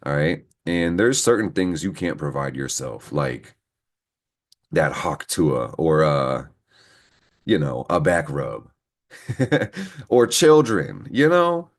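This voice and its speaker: Speaking slowly in a bass voice, a man delivers a casual horoscope reading to camera. He's an astrology reader who rambles, swears a lot, and vents heatedly to his viewers.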